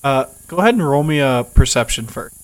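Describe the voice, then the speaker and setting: A man's voice: medium pitch, lively intonation, fairly quick, poor audio. Laid-back man running a tabletop game. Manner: laid-back, laughs while describing, swears casually. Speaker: game master.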